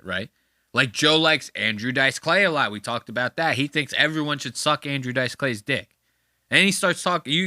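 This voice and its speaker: A man's voice: on the high side, bright, forceful tone, dry recording, studio quality. A man hosting a podcast, giving profane, mocking commentary on a clip in a casual way. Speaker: podcast host.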